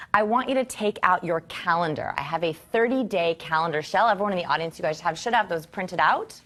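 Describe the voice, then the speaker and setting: An energetic woman in her thirties leads a course in front of a live audience. Her voice sits in a middle pitch, and she talks with expressive enthusiasm, asking rhetorical questions as she goes. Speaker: course instructor.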